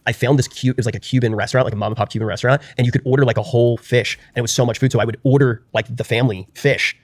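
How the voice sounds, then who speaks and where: A man's voice: medium pitch, fairly even intonation, rapid-fire, no room sound. A man streamer joking around in casual podcast banter. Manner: joking, teasing.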